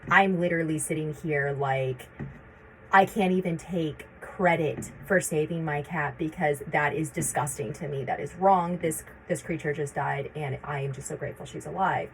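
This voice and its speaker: A woman's voice: deep voice, normal speed, slight background noise, low-quality recording. A woman in her thirties telling a personal story to camera, urgent and repetitive as she relives her anxious thoughts. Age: 30s. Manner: urgent, repeats herself, voices her own anxious thoughts. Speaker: vlogger sharing her experience.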